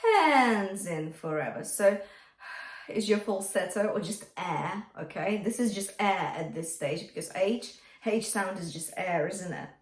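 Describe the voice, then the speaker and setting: A woman singer and vocal coach teaching a song gently and encouragingly, and singing short lines to show each technique. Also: medium pitch, a little slow. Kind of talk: singing lesson with sung demonstrations. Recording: echoey room with faint guitar music.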